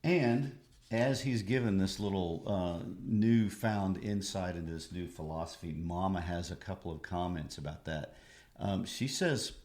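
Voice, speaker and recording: Low-voiced man discussing a play. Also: a little slow, darkish tone, reverberant. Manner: reads quotes aloud, discusses the play. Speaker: podcast co-host. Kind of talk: literature discussion podcast.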